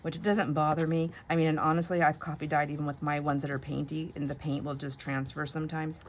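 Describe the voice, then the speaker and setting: A woman's voice: low voice, little pitch movement, fairly quick, slight background noise. A middle-aged woman chatting casually while she crafts, rambling through a story with frequent "anyhow"s. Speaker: craft vlogger.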